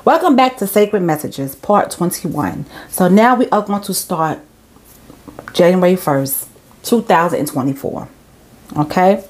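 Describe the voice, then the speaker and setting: A woman's voice: on the low side, animated, a little slow, darkish tone. A woman hosting her channel, chatting casually and reading messages aloud with chatty asides and rhetorical questions. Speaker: channel host.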